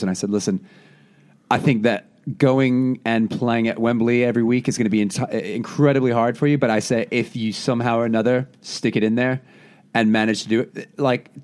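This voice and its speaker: A man's voice: mid-range voice, darkish tone. A man co-hosting a casual football podcast, chatty and often repeating words as he gets going. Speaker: podcast co-host.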